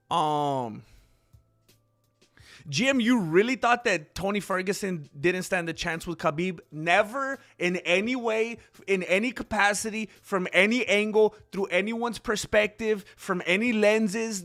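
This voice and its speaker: Bright-voiced man rambling casually to chat. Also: sits high. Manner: rambling, talks back to chat comments. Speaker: channel host.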